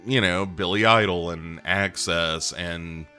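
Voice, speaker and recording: A man's voice: deep voice, slow, pushed and bright, smooth, faint music behind. A man hosting a podcast, reviewing a film in a rambling, profane, enthusiastic way with lots of ums and uhs. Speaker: podcast host. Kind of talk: casual movie review monologue.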